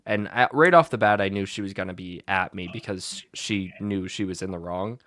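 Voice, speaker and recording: A young adult man who is a teacher and podcast co-host tells a school story in blunt, animated casual chat, full of "likes" and restarts. His voice is low, and he talks briskly with few pauses.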